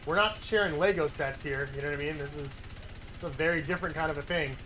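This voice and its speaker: A man with a bright, fairly high voice tells a story over his livestream. He rambles, restarts his sentences and swears freely, with a faint hiss behind him. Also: fast. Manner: rambling, self-interrupting, swears casually. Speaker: livestreaming gamer. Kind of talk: casual storytelling while gaming.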